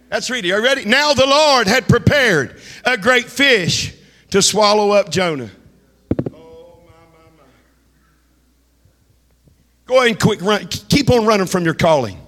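Pastor, male, fiery shouted sermon, bright tense tone, chanting cadence. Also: sits high, expressive, normal speed, pauses often. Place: church hall. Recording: reverberant church hall.

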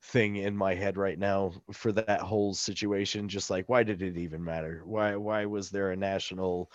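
Low-voiced man ranting on a lo-fi mic. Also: level tone, moderate pace, dry recording. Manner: profane, fired-up ranting. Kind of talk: casual podcast chat. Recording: dull lo-fi mic.

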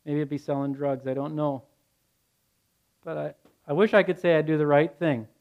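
A young male pastor delivers a sermon with blunt, earnest directness. His voice sits a little high for a man and turns to relaxed, conversational storytelling. The recording sounds dull and lo-fi. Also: normal speed.

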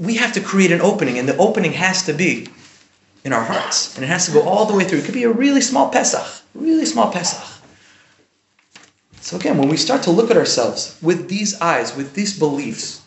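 A man giving an informal Torah lesson in a conversational way, often checking in with "right?". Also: sits high. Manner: conversational, often asks "right?", animated bursts. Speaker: Jewish teacher giving a class. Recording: echoey room.

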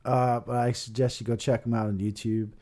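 A man's voice: medium pitch, little pitch movement, a little fast, dark tone. A man co-hosting a podcast, chatting loosely with lots of fillers and swearing. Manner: loose, rambling, filler-heavy. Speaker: podcast co-host. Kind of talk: casual podcast chat.

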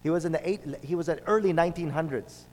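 Male preacher, slightly high voice, storytelling sermon with emphatic repetition. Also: quick pace, darkish tone. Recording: long hall reverb.

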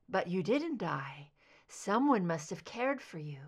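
A woman reader voicing a therapist who leads a hypnosis session in low, modulated, measured tones. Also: sing-song. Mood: soothing.

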